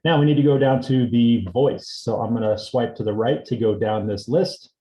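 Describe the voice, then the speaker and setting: A man teaching a seminar on assistive technology, explaining a device demonstration step by step in a relaxed way. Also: mid-range voice, moderate pace. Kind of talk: instructional demonstration. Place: indoor seminar room. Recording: roomy echo.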